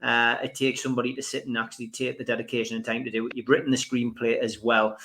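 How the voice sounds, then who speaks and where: A man hosting a podcast, chatting casually and warmly with his guest, calling him mate. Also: medium pitch, flat delivery, quick pace, slight background noise. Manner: friendly, calls the guest mate. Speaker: podcast host. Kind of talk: casual interview chat.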